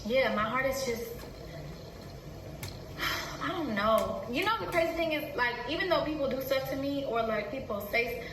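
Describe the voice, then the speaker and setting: Brief: young woman vlogger, bright slightly high voice, halting and hesitant, recorded in an echoey room from some distance. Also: animated, a little hiss or hum. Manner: halting, full of fillers, soft-spoken. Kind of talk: emotional personal confession.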